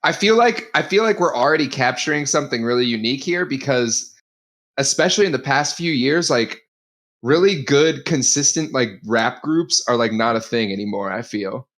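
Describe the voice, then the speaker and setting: Excitable young man rambling on a podcast. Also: mid-range voice, moderate pace. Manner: excitable, rambles with many fillers. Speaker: podcast co-host. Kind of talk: casual chat.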